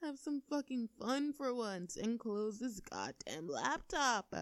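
A woman's voice: fairly high pitch, very animated, slow pace, dry recording, clean studio sound. A woman voicing a bold, crude and taunting young woman in an audio role-play. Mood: teasing. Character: bold teasing young woman, sister's friend.

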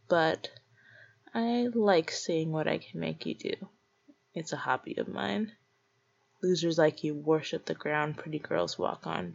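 Brief: woman, low gravelly voice, unhurried taunting audio role-play, dull lo-fi recording. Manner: mocking, teasing and domineering.

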